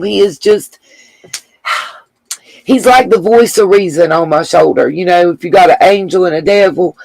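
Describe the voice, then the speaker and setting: A woman's voice: lowish voice, moderate pace, vocal fry, pauses often, darkish tone, no echo, poor audio. A woman hosting a casual livestream, reading viewer comments aloud and thanking them with gushing endearments. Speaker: livestream host.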